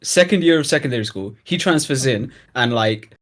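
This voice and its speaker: A young man in relaxed conversation, spinning a long story from his school days. His pitch sits in an ordinary middle range, and he punches key moments with sudden loud bursts. The flow is loose and chatty. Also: fairly quick. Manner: animated storyteller, swings loud for emphasis. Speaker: guest storyteller. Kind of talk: casual chat, telling a school story.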